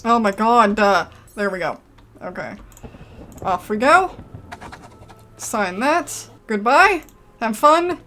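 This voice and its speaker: A woman's voice: on the high side, animated, slow, pauses often, sharp tone. A woman giving casual gameplay commentary, chatty and self-mocking, reading game text aloud and reacting with exasperated outbursts. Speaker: let's play gamer.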